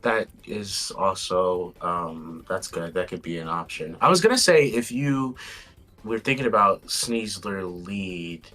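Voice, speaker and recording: A man with a low voice, speaking as a guest in a laid-back strategy chat. He is relaxed and hesitant, pausing on fillers and letting sentences trail off. His delivery stays easygoing throughout. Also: faint music behind.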